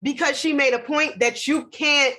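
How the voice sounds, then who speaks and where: A woman's voice: high voice, steady tone, pushed and bright, low-quality recording. A woman co-hosting a podcast in casual chat, ranting with strong opinions. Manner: opinionated, ranting, quick asides. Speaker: podcast co-host.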